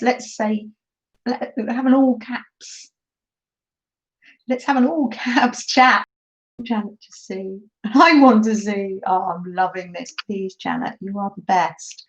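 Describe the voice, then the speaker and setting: Middle-aged woman hosting a craft livestream, chatty, reads out comments, laughs a lot, dull laptop mic sound. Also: mid-range voice. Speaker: craft live stream host. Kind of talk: casual live stream chat. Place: holiday home, indoors at a craft table.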